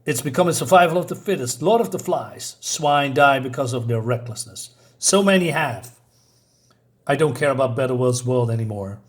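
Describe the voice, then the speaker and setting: A man's voice: medium pitch, expressive, moderate pace. Rambling man reviewing comics. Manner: rambling, with many fillers and self-corrections; reads comic dialogue aloud in a mostly plain voice. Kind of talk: casual video review.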